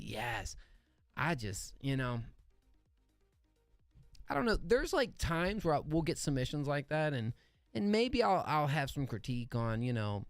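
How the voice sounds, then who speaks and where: A man's voice: mid-range voice, no echo. Hyped casual man reviewing beats live. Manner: enthusiastic, slangy, many fillers and restarts. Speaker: livestream music review host. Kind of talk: casual live-stream commentary.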